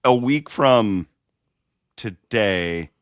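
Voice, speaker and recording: A man's voice: fairly low pitch, animated, drawn-out words, smooth, no room sound, studio quality. A middle-aged man co-hosting a sports podcast in casual chat, talking loosely with restarts and self-deprecating asides. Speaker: podcast co-host.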